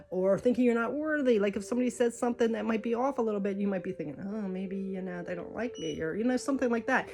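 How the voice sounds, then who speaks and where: A woman's voice: mid-range voice, a little mellow, a little hiss or hum. A woman reading oracle cards, chatty and encouraging, thinking aloud as she goes. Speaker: tarot card reader. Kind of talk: spiritual card reading. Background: faint music.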